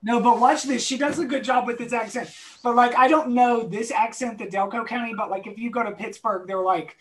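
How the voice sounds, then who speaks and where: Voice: medium pitch, steady tone, fairly quick, few pauses, fairly bright tone, low-quality recording. A speaker in a casual podcast chat, chatty and rambling.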